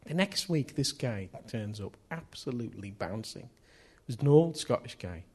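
A man's voice: mid-range voice, animated, normal speed, a little mellow, slightly rough. A man preaching a sermon in an earnest manner, often repeating key phrases.

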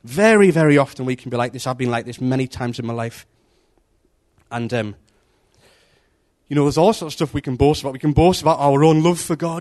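A preacher whose voice sits a little high talks at a moderate pace, sharing a devotional message like a story told among friends. He's animated and acts out characters' voices.

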